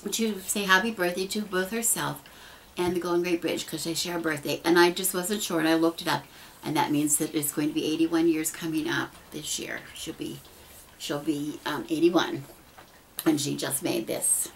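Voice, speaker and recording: A woman's voice: low voice, fairly even intonation, moderate pace, vocal fry, slight background noise, poor audio. A middle-aged woman speaking earnestly and casually to her camera, rambling with restarts as she shares heartfelt thoughts. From United States. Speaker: pagan vlogger. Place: dim room at home. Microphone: camera mic.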